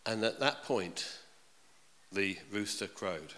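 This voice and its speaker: A man's voice: lowish voice, animated, slow, bright, forceful tone. A man preaching a sermon in a chatty way, often asking his congregation questions. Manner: conversational, asks the congregation questions. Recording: reverberant hall.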